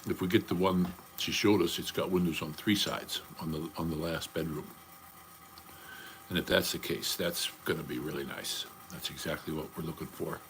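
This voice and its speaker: A man's voice: very deep voice, steady tone, moderate pace, noisy background. An older man chatting casually on a livestream, rambling from topic to topic in a blunt, profane way. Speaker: livestream host.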